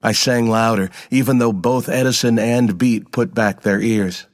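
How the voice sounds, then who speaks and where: A man giving a scripted first-person narration of a story in a measured, even manner. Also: mid-range voice, long reverb tail.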